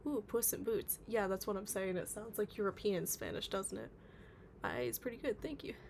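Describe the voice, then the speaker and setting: With a gravelly, darkish mid-range voice and a fairly quick pace, a woman chats through her livestream and reads viewer comments aloud. She uses many filler words, and a slight hiss or hum sits under the recording.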